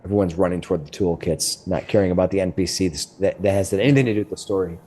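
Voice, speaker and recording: A middle-aged man narrating as game master, describing rooms in a halting way with many restarts. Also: sits low, warm tone.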